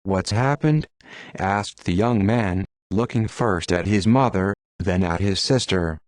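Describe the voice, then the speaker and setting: Audiobook reader: steady man, low-pitched, dry booth sound. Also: a little slow, no echo. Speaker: audiobook narrator. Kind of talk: scripted narration.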